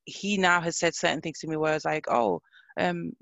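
A woman's voice: deep voice, fairly even intonation, fairly quick, gravelly, fairly bright tone, dry recording, highs cut off. A woman, a podcast co-host chatting earnestly and reflectively. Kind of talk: casual chat.

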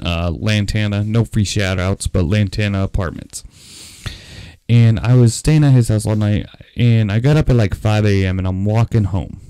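Low-voiced man telling a profane story. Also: clean tone, no room sound, studio quality. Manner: profane, rambling, animated retelling. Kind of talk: casual storytelling.

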